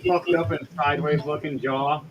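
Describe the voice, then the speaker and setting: A man's voice: on the high side, fairly even intonation, moderate pace, low-quality recording. A man narrating a tabletop game as game master, loose and crude, often laughing, over background music.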